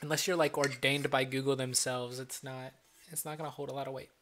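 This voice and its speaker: A man's voice: medium pitch, level tone, brisk, fairly bright tone, a little hiss or hum. A young adult man from Ohio with a Midwestern accent and a slight Southern twang, hosting a casual live stream chat and answering viewers' questions in a joking, loose way. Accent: Midwestern American with a slight Southern twang. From Ohio, USA. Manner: joking, loose, playful teasing. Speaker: livestream host.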